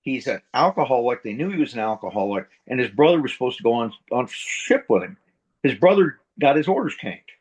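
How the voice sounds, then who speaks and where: A man's voice: mid-range voice, very animated, fairly quick, darkish tone, breathy edge, lo-fi sound. A middle-aged man from the central United States, a retired Marine sergeant major telling war stories in a casual interview, rambling, blunt and profane. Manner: rambling, profane, blunt, voices sound effects.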